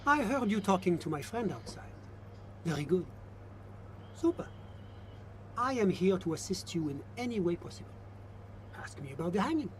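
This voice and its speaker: A man's voice: high voice, big pitch swings, normal speed, long pauses, slight background noise. An actor with a French accent playing a courteous, composed male government official in a game. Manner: courteous and formal.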